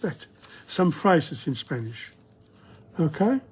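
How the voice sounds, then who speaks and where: A man's voice: a little high, very animated, takes it slowly, slight background noise. A man teaching a casual video language lesson, rambling a little and repeating each phrase aloud for practice.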